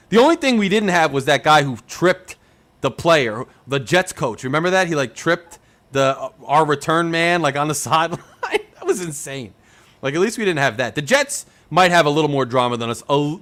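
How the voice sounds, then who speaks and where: A young man hosts a casual sports talk show, venting in a loose, excitable fan rant. His voice sits high and leaps all over the place. He fills his talk with "like" and asks one exasperated question after another. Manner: animated, ranting, rhetorical questions, says "like" a lot. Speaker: podcast host.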